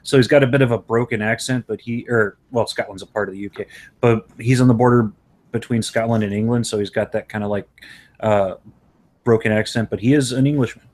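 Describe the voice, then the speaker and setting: A male streamer hosts a live chat, telling loose, profane stories with frequent laughs. His voice is lowish and darkish in tone, fairly quick, with fairly even intonation.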